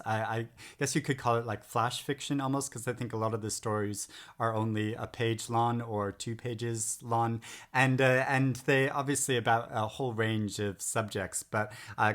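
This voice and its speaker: A man's voice: mid-range voice, a bit bright. A middle-aged man talking through new books in a casual vlog, enthusiastic and rambling with frequent hesitations. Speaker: book vlogger. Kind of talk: casual book-haul chat. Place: home in England.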